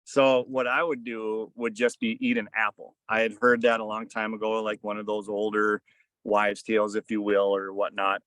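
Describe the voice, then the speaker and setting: A man's voice: on the low side, flat delivery, normal speed, no room sound, rough recording. Rambling man telling a hunting story. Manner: rambling, filler-heavy, hushes voice for quoted asides. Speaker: podcast guest. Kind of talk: casual storytelling. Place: outdoors on a fishing boat.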